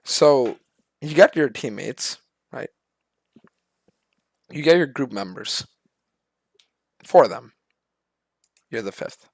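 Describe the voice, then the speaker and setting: A man's voice: mid-range voice, slow, gravelly, long pauses, dry recording, clean studio sound. A man streaming a profane, storytelling rant, acting out the people he quotes. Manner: animated, profane, acts out other people in quoted voices. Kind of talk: ranting storytelling.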